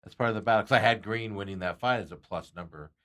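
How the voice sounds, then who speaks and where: A man's voice: on the low side, fast, a bit bright. A man hosting a sports radio show, chatting casually and rambling with frequent chuckles and self-corrections.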